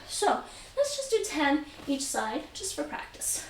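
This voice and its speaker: A woman's voice: high voice, very animated, slow pace. Woman coaching taekwondo from across a room. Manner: patient, repeats instructions, counts reps aloud. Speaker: taekwondo instructor and streamer. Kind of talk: live-streamed home exercise lesson. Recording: roomy echo, distant mic, faint noise.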